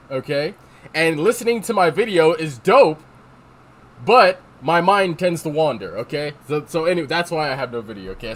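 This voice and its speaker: A man chatting casually on a livestream, rambling and swearing as he answers chat. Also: a little high. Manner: rambling, profane, reads chat aloud. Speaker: streamer. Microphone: desk microphone.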